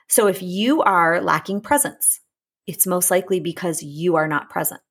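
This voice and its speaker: A woman coaching on a podcast in a casual, earnest monologue, chatty with asides and restarts, and slowing down to repeat her key points. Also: on the low side, husky. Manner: earnest, repeats key lines slowly for emphasis. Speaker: relationship coach and podcast host.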